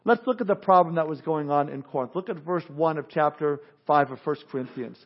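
High-voiced man preaching a sermon. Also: brisk, muffled recording. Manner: preaching with frequent repeated words and restarts. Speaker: pastor.

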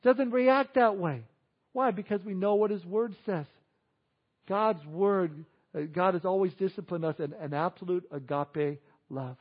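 Animated high-voiced male pastor preaching. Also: measured pace, highs cut off. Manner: animated, acts out quoted people in exaggerated voices. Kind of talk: sermon.

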